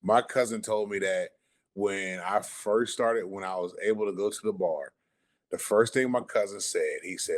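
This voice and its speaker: A man hosting a podcast, telling relaxed, profane stories in a laid-back drawl. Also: sits low, moderate pace. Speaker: podcast host. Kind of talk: casual chat.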